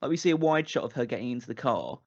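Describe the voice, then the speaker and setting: A man's voice: mid-range voice, very fast, vocal fry. A man co-hosting a movie-review podcast talks in a loose, rambling way, circling back and restarting his sentences. His voice sits in a middle range, and the audio is a bit dull and lo-fi. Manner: rambling, restarts a lot, animated. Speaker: podcast co-host. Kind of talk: casual movie-review chat.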